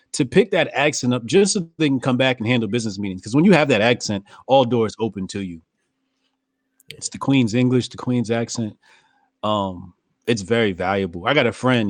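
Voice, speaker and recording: A man co-hosting a podcast in casual chat, animated and quick to laugh loudly. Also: medium pitch, dry recording. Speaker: podcast co-host.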